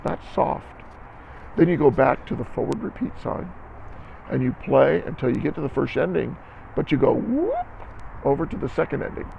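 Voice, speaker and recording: A man's voice: mid-range voice, fairly quick, gravelly, lo-fi sound, a little hiss or hum. A man teaching a music lesson to band students, explaining patiently step by step and sounding out syllables to demonstrate.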